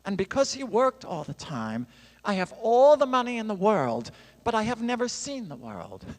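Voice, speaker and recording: A woman's voice: a little high, very animated, normal speed, a little mellow. A man voicing a wealthy elderly widow who speaks in a gracious, confiding way, in a sermon story. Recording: long reverb in a large hall.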